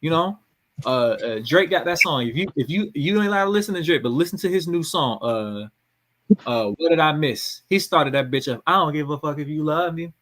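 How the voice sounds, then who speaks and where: Husky, lively-voiced podcast host preaching. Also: male voice, fairly high pitch, moderate pace. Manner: preachy, emphatic, swears freely. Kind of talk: casual podcast chat.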